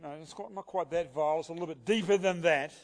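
A man's voice: a little high, quick pace. A man preaching an expository sermon and asking the congregation rhetorical questions. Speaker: pastor.

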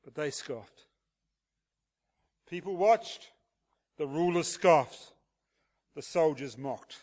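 Male pastor, higher register, walks the congregation through the text. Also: expressive, slow pace, darkish tone. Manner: expository preaching with rhetorical questions. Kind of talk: sermon.

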